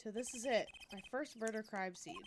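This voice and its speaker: A woman's voice: a little high, fairly quick, background noise, lightly acted. A woman voicing a nervous but earnest young male defense attorney.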